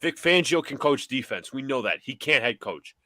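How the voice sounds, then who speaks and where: A man with a lively, swinging voice making his case on a sports podcast. He is argumentative and emphatic, hammering each point home, and the sound is dry and close with no room echo. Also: mid-range voice, normal speed. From New York area. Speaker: podcast host. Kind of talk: animated sports debate.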